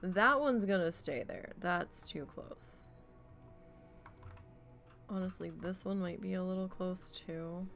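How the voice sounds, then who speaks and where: A woman streamer chatting casually while gaming, rambling and swearing freely as she tells an animated story. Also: on the low side, slow, gravelly, long pauses, faint music behind.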